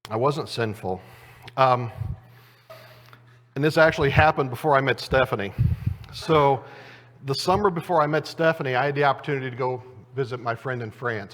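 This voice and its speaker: A man preaching in a church, telling a self-deprecating story in a relaxed, conversational way. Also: mid-range voice. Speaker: preacher and Bible teacher. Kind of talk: conversational sermon with a humorous anecdote. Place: church auditorium. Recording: long church reverb.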